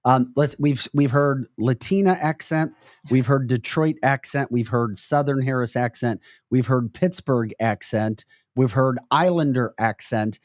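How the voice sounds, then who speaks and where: A man with an American accent co-hosts a political podcast, his talk blunt and mocking. His voice sits at an ordinary pitch, recorded close and dry with no room sound. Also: a little slow, dry recording. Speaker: podcast co-host. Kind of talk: political commentary chat.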